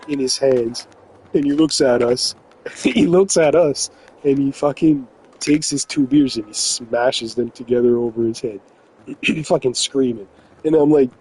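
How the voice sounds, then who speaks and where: A man from New Brunswick tells a story in loose, swearing-heavy chat, laughing often as he rambles. His voice sits at an ordinary middle pitch. A faint hum of background noise runs under it. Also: a little mellow, low-quality recording. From New Brunswick, Canada. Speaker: gaming vlogger telling a story. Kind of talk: casual storytelling.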